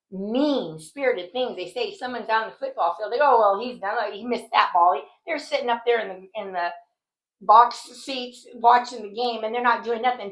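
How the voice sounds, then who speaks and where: A woman leads a Bible study in a devotional, conversational talk, sounding earnest and indignant as she rambles and restarts her sentences. Her voice is slightly high and a bit bright, captured in a low-quality recording.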